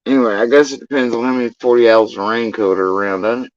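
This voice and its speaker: A man's voice: medium pitch, quick pace, dry recording, dull audio. A man ranting on a livestream in an exasperated, profane, rambling way. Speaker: livestream commentator.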